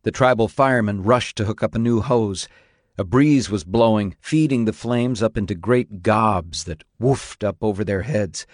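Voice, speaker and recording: Male audiobook narrator, low-ish voice, steady reading, dry close sound. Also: moderate pace, no echo. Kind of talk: scripted narration.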